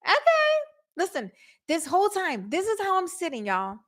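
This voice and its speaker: Middle-aged woman podcast host, lively, acts out every quote. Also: extremely high pitch, moderate pace. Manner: animated, acts out quotes with voice shifts. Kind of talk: casual storytelling to listeners.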